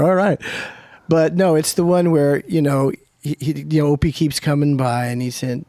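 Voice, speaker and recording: A man's voice: a little high, steady tone, moderate pace, dark tone, no echo. Man, middle-aged, co-host, casual chat, rambling storyteller, dry close sound. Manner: rambling storyteller, acts out quoted lines.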